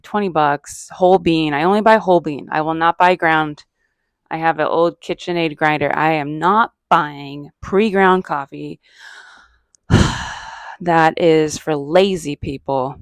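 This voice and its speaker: A woman's voice: sits low, clear, resonant tone, dry recording. A middle-aged woman from Arizona, a comedian hosting her own podcast, talking in a chatty, self-mocking ramble that wanders off topic. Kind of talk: casual rambling monologue.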